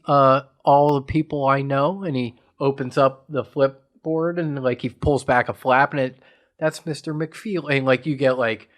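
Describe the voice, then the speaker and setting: A man's voice: medium pitch, a bit bright. A man from western Pennsylvania, a podcast co-host, eagerly recapping a film in a casual chat, rambling and leaning on lots of "like" fillers. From Pittsburgh area, USA. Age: adult parent. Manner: enthusiastic rambling storyteller with many "like" fillers.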